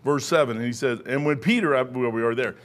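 A man's voice: medium pitch, fast. A middle-aged man preaching a sermon, rambling into joking personal asides.

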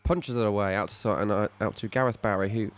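A young male comedy podcast host with a lowish, fairly even voice rattles off quick, easily amused mock commentary on a football match, narrating the play as it unfolds.

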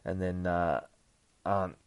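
Speaking slowly in a low, steady, clean-toned voice, a man hosts a podcast recapping a comic book issue, recorded dry. He swears nonstop in his casual delivery and performs the sound effects of the fights.

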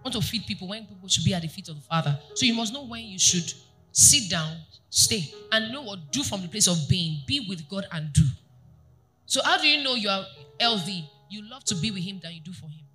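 Bright-voiced woman preaching. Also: medium pitch, brisk, faint music behind. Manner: animated preaching, asks the congregation questions. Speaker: pastor. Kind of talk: sermon. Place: church.

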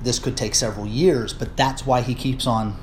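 A man's voice: medium pitch, steady tone, moderate pace, a little hiss or hum. Rambling, indignant American man ranting. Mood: measured. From United States. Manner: rambling with many fillers and restarts, rising to indignant shouting. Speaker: political commentator. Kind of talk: political rant vlog.

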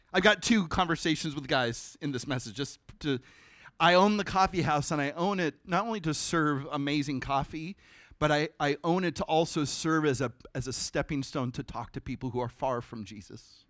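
Man, pastor, sermon, conversational, animated, sudden hushed drops, slightly high voice. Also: normal speed, no echo, studio quality.

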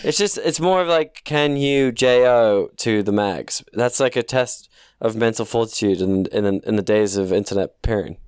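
A man's voice: medium pitch, moderate pace, hardly any pauses, a little mellow, clean tone, dry recording, clean studio sound. A man co-hosting a casual podcast, musing in a laid-back way. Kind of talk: crude casual chat.

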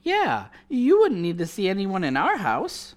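An actor playing a flustered, excitable husband and father in a 1940s radio drama. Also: high-pitched, measured pace, exaggerated voice. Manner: flustered, exclaiming.

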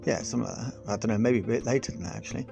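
A man's voice: medium pitch, very fast, vocal fry, warm tone, faint music behind. A man hosting a podcast, delivering a sarcastic, sweary comic monologue on politics, full of rambling asides. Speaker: podcast host.

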